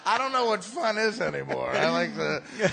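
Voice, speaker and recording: New comedian in his forties, high lively voice, stammers, shouts punchlines. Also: fairly quick, gravelly, crowd noise. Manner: animated, stammering, shouts quoted lines. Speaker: comedian guest. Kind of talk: casual storytelling.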